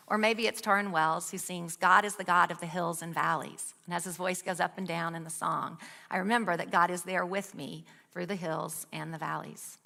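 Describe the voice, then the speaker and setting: Bright-voiced woman teaching in a hall. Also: lowish voice, fairly even intonation, normal speed, creaky. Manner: earnest, asks a string of rhetorical questions. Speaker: speaker at a women's ministry. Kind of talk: devotional teaching with scripture reading. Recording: long hall reverb.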